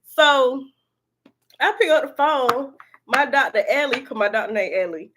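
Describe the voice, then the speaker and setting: High-voiced woman swapping casual stories. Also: noisy background. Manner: animated, swearing, quick laughter. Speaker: spiritual reader and channel host. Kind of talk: casual storytelling to viewers.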